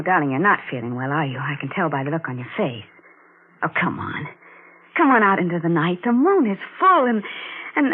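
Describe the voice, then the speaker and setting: An actress playing a sweet, excitable young fiancée who frightens easily, breathless and gushing, in 1940s radio drama style. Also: female voice, on the low side, narrow, tinny audio, close to an everyday voice. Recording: scratchy 1940s radio broadcast.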